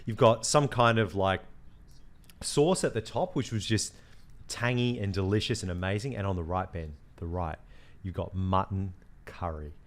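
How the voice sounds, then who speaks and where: A man's voice: deep voice, normal speed. A young Australian man from Western Australia, co-hosting a podcast and telling stories with lots of swearing and animation. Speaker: podcast co-host. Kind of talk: casual chat.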